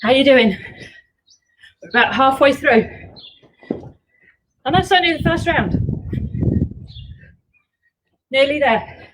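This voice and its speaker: A woman's voice: high voice, lively intonation, measured pace, fairly bright tone, rough recording. A woman leading a home workout class, coaching upbeat with chatty asides, a little out of breath. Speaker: fitness instructor. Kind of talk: live workout class instruction.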